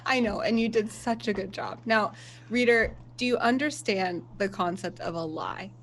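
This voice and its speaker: A woman's voice: mid-range voice, a little slow, a little hiss or hum. A woman player talking in character, playful and coaxing. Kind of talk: in-character game talk.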